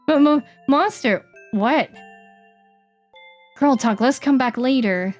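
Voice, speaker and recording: Playful high-voiced woman streamer. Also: lively intonation, soft background music. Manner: playful, reads game text in quick put-on voices. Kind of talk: casual game stream, reading dialogue aloud.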